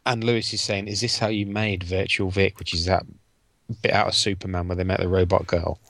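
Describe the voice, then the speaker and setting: A man's voice: sits low, flat delivery, brisk, a bit bright, no echo. A man co-hosting a podcast, reading out listener comments in a dry, matter-of-fact way. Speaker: podcast co-host.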